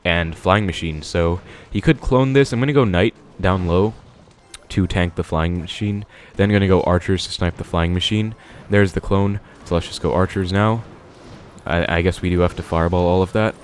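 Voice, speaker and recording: A man's voice: low voice, moderate pace, slight background noise. A young man giving casual commentary on his own gameplay, thinking aloud with many fillers. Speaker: gaming video creator.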